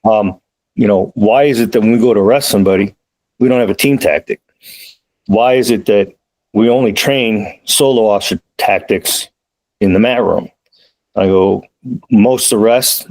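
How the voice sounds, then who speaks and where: A man, a police defensive tactics trainer, talking as a podcast guest in a relaxed, anecdotal way. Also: on the low side, moderate pace, low-quality recording. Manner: relaxed, anecdotal, quotes others in lively asides. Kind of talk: casual conversational storytelling. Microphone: remote call.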